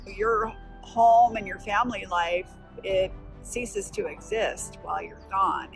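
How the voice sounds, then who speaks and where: Gravelly-voiced older woman vlogging outdoors. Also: mid-range voice, poor audio. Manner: warm, reflective, encouraging talk about family. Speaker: host. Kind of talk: casual vlog storytelling. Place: outdoors in a park, walking and resting. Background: music.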